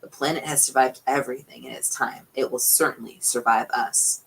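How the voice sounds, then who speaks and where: Casting: sardonic male scientist, sighing and lecturing, read by a low husky-voiced woman. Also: steady tone, normal speed, heavily acted, poor audio.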